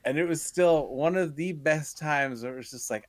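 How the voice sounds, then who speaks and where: A man's voice: fairly high pitch, moderate pace, dry recording. A young man telling a casual, profane story on a podcast, laughing through his punchlines. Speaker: podcast co-host.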